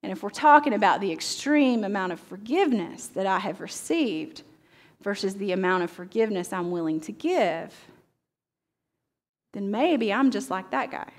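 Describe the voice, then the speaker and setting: A woman's voice: medium pitch, expressive, moderate pace. A woman teaching pastor giving a sermon, reading scripture dramatically and asking the audience questions.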